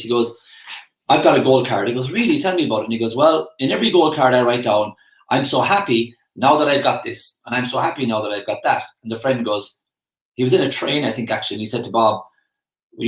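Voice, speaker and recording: A man's voice: medium pitch, reverberant, rough recording. An Irish man coaching on personal development in a chatty, rambling live talk, acting out the voices of the people he quotes. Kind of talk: live-streamed motivational talk.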